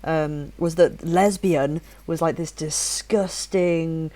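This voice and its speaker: Chatty woman with a softened northern accent. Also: low voice, slow pace. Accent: softened northern English, near-neutral British. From northern England. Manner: chatty, animated, frequent restarts and swearing. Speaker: podcast host. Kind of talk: casual podcast chat.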